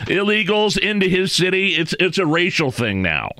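A male talk radio host with a bright, tense voice, recorded dry and close. He presses his points emphatically and laughs along with his guest. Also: sits high, big pitch swings, moderate pace, dry recording.

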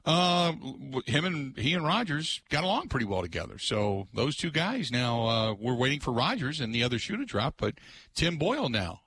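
A male sports radio host with a lively, swooping voice that stays bright and forceful. He talks in an excitable, casual way, looping back to the same stock phrases again and again. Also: medium pitch, normal speed, slight background noise. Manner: animated, excitable, repeats catchphrases.

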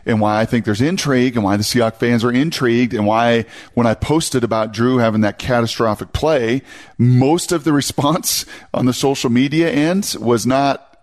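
A man talking football on a sports radio show, animated and quick, who now and then mimics fans in a high voice. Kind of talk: casual sports talk.

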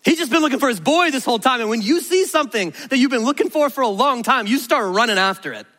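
A man preaching a sermon as pastor, telling the story in an animated, earnest way. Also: extremely high pitch, fast, big-room sound.

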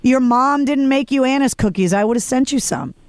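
Radio host lady, high voice, dry studio sound, sarcastic quick banter. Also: lively intonation, a little mellow, clear, resonant tone, dry recording. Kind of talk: casual radio interview.

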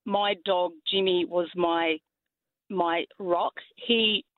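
A woman's voice: lowish voice, fairly even intonation, dry recording. Earnest woman caller on a tinny line. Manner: earnest, emotional, halting. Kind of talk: phone-in call.

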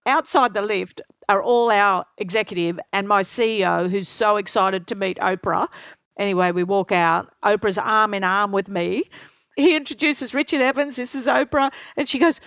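A middle-aged woman telling lively anecdotes as an interview guest, acting out what others said. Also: sits high, moderate pace, dry recording. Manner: lively anecdotal storyteller, acts out quotes. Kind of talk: storytelling interview.

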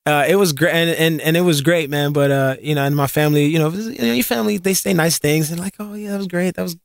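A man from New York telling stories as an interview guest, animated and slangy, often repeating words. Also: fairly high pitch, quick pace, gravelly, no room sound, clean studio sound. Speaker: interview guest, singer and actor. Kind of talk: casual interview storytelling.

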